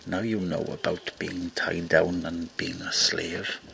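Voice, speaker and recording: The stern little fairy men, as a man puts them on, all-knowing and commanding, speak in one voice. Their tone is gravelly, low and clear-edged, with faint ambience behind. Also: flat delivery, takes it slowly, bright, forceful tone, slight background noise, heavily acted, low-quality recording.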